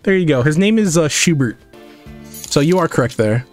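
A young man hosting a casual live art stream. His voice sits high and moves a great deal as he reads chat aloud and argues back, cursing freely. His talk is loose and full of fillers. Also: expressive, normal speed, soft background music. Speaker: streamer and digital artist.

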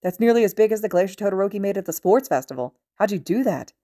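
A woman voicing a loud, brash teenage boy calling out in excitement. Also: medium pitch, fast talker, voice pushed up, lightly acted. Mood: amazed.

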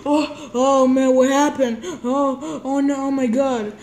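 A woman improvising a toy play story, stammering and repeating words as she jumps between excited squeals and soft, sleepy lines. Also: sits high, slow, reverberant, a little hiss or hum, rough recording.

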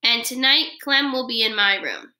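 A woman reading aloud and voicing a calm mother who reassures her daughter in a plain, matter-of-fact way. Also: on the high side, moderate pace, roomy sound. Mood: reassuring.

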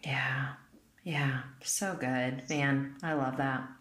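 Deep, bright-edged podcast host woman. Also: fairly even intonation, slow, a little hiss or hum. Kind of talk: casual podcast conversation. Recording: echoey room.

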